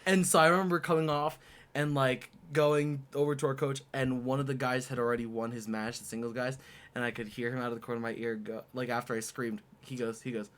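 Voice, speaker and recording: A young man co-hosting a podcast, chatting casually and telling lively stories, acting out shouted quotes. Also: medium pitch, fast talker. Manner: animated storyteller, acts out quotes loudly. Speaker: podcast co-host. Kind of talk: casual chat.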